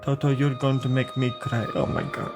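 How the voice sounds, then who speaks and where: A man's voice: medium pitch, flat delivery, moderate pace, loud music behind the voice. A man chatting casually on a live stream while he draws, rambling and joking and laughing often. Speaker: live-streaming drawing host.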